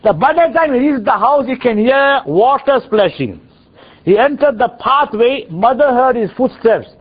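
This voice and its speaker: A man, preaching as a teacher who tells the story in an animated, dramatic way, on a dull lo-fi recording. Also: very high-pitched, normal speed, husky. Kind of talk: storytelling sermon.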